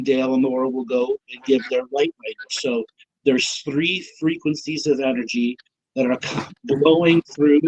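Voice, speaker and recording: A man co-hosting an online talk show, leading a slow, calm guided meditation with soothing instructions. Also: mid-range voice, highs cut off. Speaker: co-host leading a guided session.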